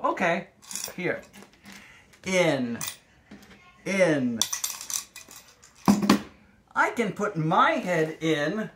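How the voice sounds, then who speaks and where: Male speech therapist for a kids' lesson, home setup, extremely slow and deliberate delivery. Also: fairly high pitch, sing-song, noisy background. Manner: slow, deliberate modeling of single words. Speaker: speech-language pathologist.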